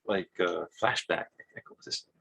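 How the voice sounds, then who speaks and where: Husky-voiced man rambling through a story. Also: low-pitched, huge pitch swings, pushed and bright. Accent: Hawaiian. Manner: halting, repeats words, acts out quotes. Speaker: vlogger.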